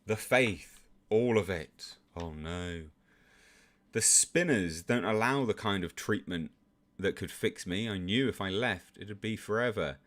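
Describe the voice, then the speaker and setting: A man reading aloud the lines of a dying woman colonist in a comic, in a plain, low-key way. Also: unhurried, fairly bright tone. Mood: regretful.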